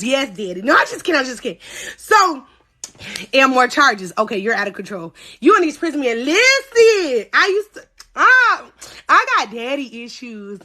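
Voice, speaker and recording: A young woman telling a story live to viewers in a casual, animated way, swearing, laughing often and calling her audience y'all. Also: high-pitched.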